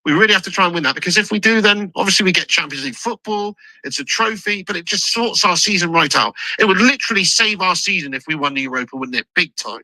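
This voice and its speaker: A man giving excitable, sweary live commentary on a football match as a channel host, shouting at chances and goals. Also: high-pitched, fast, hardly any pauses, no room sound, rough recording.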